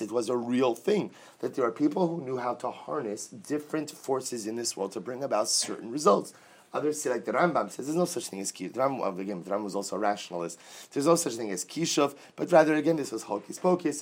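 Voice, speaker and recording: Reading out Aramaic phrases and glossing each in English, this man teaches a Talmud class with plenty of energy and banter for his students. His voice is mid-range with a breathy edge.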